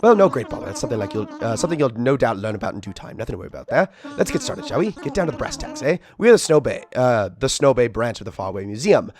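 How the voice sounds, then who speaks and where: A man's voice: mid-range voice, very animated, racing, hardly any pauses, a crowd in the background, lightly acted. A man doing a sleepy, rambling owl curator. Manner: fussy, long-winded and apologetic.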